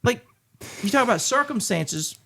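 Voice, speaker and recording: A middle-aged man from Georgia in the US, telling his story as a podcast guest in an earnest, halting way with many restarts. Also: extremely high pitch, animated, creaky, bright, forceful tone. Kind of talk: candid conversational storytelling.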